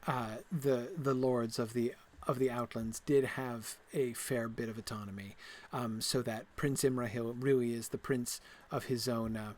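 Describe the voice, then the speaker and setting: A man's voice: mid-range voice, fairly even intonation, normal speed, hardly any pauses, darkish tone. Rambling man lecturing while gaming. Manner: rambling and digressive, many fillers and restarts; enthusiastic, laughs at himself. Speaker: host. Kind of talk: casual lecture while playing a game.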